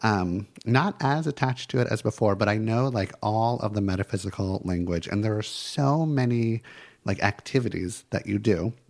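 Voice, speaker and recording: A man's voice: fairly low pitch, moderate pace, gravelly, a little mellow. Chatty man in his forties. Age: 40s. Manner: chatty, heavy use of "like," talks through feelings step by step. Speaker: podcast co-host. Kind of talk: casual chat.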